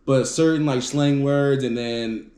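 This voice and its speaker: A man with a Southern accent tells family stories in easygoing chat. He speaks quickly, and his words sometimes tumble over each other. His voice sits at an ordinary pitch in a room with a noticeable echo. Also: steady tone, warm tone. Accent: Southern US (Mississippi). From Wisconsin. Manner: fast-talking storyteller, trips over words. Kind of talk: casual chat.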